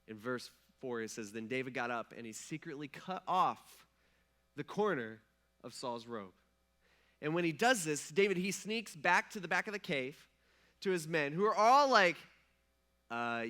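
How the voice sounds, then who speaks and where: A man's voice: mid-range voice, a bit bright. A male pastor preaching a sermon in a casual storytelling way, slipping into the characters' voices as he retells the story. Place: church.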